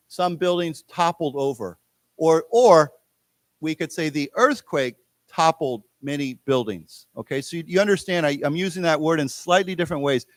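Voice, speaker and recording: A man with an American accent teaching an English class in a lecture room. His voice sits a little high for a man and is recorded dry and close. He explains each word patiently and has the class say it back. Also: no room sound. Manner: explains words slowly, repeats them, drills the class. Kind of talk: English lesson for Chinese speakers.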